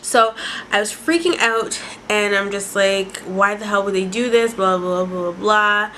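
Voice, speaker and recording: Profane, animated young woman vlogger. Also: mid-range voice, measured pace, noisy background. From Canada. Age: 20s. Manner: animated, profane, dramatic storytelling. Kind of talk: casual storytime vlog.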